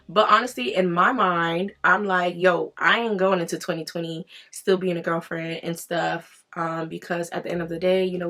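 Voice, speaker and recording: A young woman with a fairly low voice talks through her makeup routine in a loose, chatty way, full of "you know" and "like". She acts out her own past reactions in lively quotes. Faint music plays behind her. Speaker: beauty vlogger. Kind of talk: chatty get-ready-with-me storytelling.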